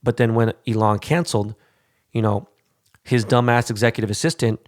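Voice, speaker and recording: A man hosting a podcast, ranting in a casual, heated and profane way with quick asides. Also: mid-range voice, dry recording. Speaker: podcast host.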